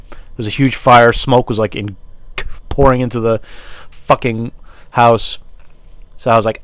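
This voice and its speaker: A man's voice: mid-range voice, fairly even intonation, quick pace, fairly bright tone, no room sound. Rambling, swearing man on a basement podcast. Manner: self-deprecating, rambling, swears a lot. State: out of breath, smoking. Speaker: podcast host. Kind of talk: rambling solo podcast monologue. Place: wooden basement stairs at home. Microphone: small wired microphone.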